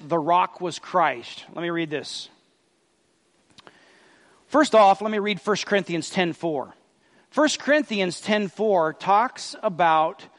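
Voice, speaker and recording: A man preaching a sermon as pastor, reading scripture aloud and explaining it in an earnest, emphatic way. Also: sits high.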